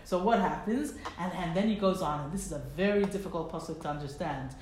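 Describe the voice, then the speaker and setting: Woman explaining a torah lesson, chatty and animated, words, echoey room w/ faint hiss. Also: lowish voice, brisk. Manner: conversational, expressive, asks rhetorical questions. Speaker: Torah teacher. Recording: roomy echo, faint background noise.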